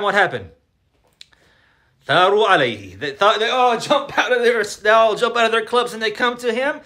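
Guy preaching a story, high voice, talks fast, reads arabic then explains it, acts out the yelling. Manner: animated retelling, quoting Arabic then translating, acts out shouts. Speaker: religious teacher. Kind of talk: sermon storytelling.

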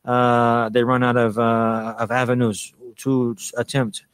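A man's voice: mid-range voice, little pitch movement, measured pace, smooth, no echo. A man teaching a religious lecture, repeating phrases for emphasis and mixing in Arabic phrases. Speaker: Islamic preacher and teacher.

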